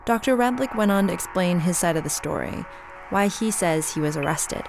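A woman host narrating a radio documentary in a plain, measured way. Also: fairly low pitch, lively intonation, gravelly, music in the background.

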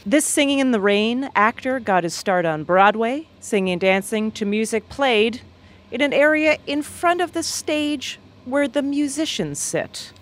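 A woman's voice: a little high, expressive, a little slow. Playful Canadian-born woman host. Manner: chatty, playful questions. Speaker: quiz show host. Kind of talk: radio interview and quiz hosting.

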